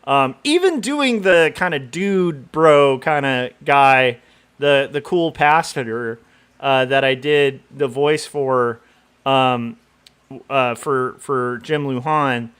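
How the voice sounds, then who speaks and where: A man's voice: medium pitch, takes it slowly, fairly bright tone, clean tone. A middle-aged man from Southern California chatting casually on a livestream, rambling with lots of fillers and laughing at himself. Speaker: comic artist streamer.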